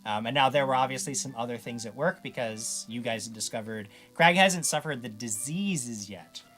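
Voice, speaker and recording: A man's voice: medium pitch, moderate pace, a bit bright, soft background music. A man narrating as game master of a tabletop role-playing game, talking hesitantly with frequent restarts. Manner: hesitant, many restarts and ums.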